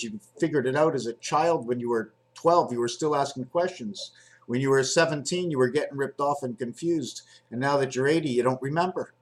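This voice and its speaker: A man talking in a casual, digressive monologue, hopping between numbers and ideas while handling objects on camera. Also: mid-range voice. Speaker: video blogger.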